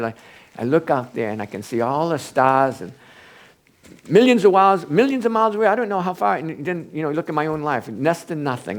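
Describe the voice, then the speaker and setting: An older man preaching an informal Bible study, halting and rambling with many restarts. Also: mid-range voice.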